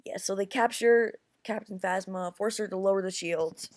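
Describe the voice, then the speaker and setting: A woman giving a casual film review, rambling and excitable, with frequent restarts, calling her viewers "guys". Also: mid-range voice, no room sound, clean studio sound. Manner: rambling, halting with many restarts.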